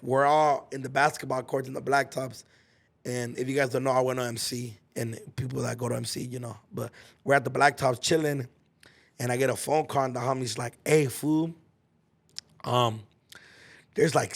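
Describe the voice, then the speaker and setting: Brief: young Los Angeles man, podcast host, profane casual storytelling, middle pitch. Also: fairly bright tone. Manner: slangy, profane, with spoken sound effects.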